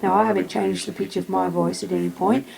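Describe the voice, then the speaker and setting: Mellow, gravelly woman explaining gear. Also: mid-range voice, fairly even intonation, fairly quick, slight background noise, rough recording. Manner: plain step-by-step explaining with "um" fillers. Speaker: music gear demonstrator. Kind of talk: hands-on product tutorial.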